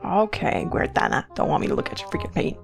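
Young woman, let's play commentary, playful and chatty, slight vocal fry. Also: low-pitched, wildly swooping pitch, fast, soft background music. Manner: chatty and playful, talks to viewers directly. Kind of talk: casual gameplay commentary.

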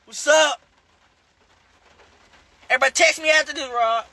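High, bright-voiced Southern American man on a phone livestream. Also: normal speed, pauses often. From Charlotte, North Carolina. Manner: rambling, profane, talks back to viewers' comments. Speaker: rapper hosting a livestream. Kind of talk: casual livestream chat.

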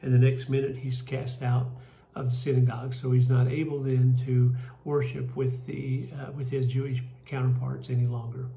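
A man with a Kentucky accent leading a church Bible study, folksy and halting, with many fillers and restarts. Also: mid-range voice, flat delivery, creaky, dark tone, roomy sound, a little hiss or hum, low-quality recording. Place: church room.

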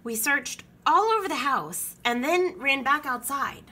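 A woman reading a children's picture book aloud with expressive storytelling. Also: sits high, unhurried, a little hiss or hum.

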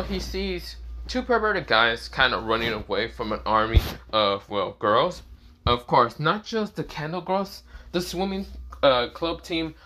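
A man's voice: medium pitch, pushed and bright. A man casually retelling a fan story, rambling and swearing, laughing at his own lines.

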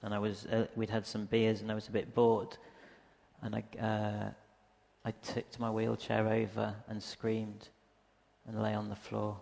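A man talks through a casual lecture, wandering from thought to thought and stopping for ums. His low voice is gravelly and stays flat in pitch. He speaks into a microphone, and the hall adds a long reverb. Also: unhurried. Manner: rambling, hesitant, frequent ums. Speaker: artist giving a lecture. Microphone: handheld or stand microphone.

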